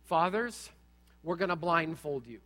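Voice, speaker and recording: A middle-aged man preaching a sermon, telling a personal story with animated, humorous asides. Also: a little high, measured pace, big-room sound.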